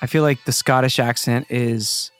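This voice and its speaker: A man's voice: medium pitch, steady tone, normal speed, fairly bright tone, faint music behind. A man in casual podcast chat who teases, swears freely and riffs on topics. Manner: blunt, profane, riffing and teasing.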